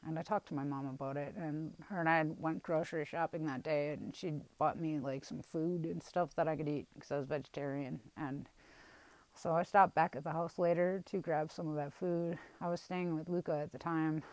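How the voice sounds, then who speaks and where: A young woman from Wisconsin talks candidly about her past in a rambling, halting way, with frequent restarts and blunt swearing. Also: low-pitched, steady tone, darkish tone, no echo, rough recording. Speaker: vlogger telling a personal story. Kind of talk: candid personal storytelling.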